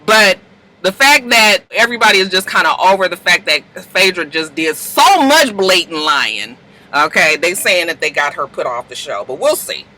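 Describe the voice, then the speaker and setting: Bright, brash woman recapping reality TV. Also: expressive, moderate pace, low-quality recording. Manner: chatty and brash, swears freely, jumps to high-pitched outbursts. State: wired on coffee, talking fast. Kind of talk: casual rambling commentary.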